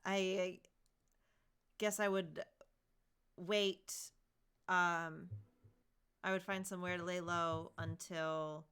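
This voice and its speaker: A woman playing a tabletop game, talking hesitantly with many ums. Her voice is low for a woman and slow, with a gravelly edge but a smooth, resonant core. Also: fairly bright tone. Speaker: player.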